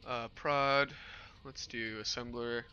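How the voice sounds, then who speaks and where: A young man hosting a livestream, chatting casually with his chat in a relaxed, rambling way. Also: medium pitch, slow, highs cut off, soft background music. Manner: relaxed rambling with fillers and laughs. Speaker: livestream host. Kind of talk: casual stream chat with chat readers.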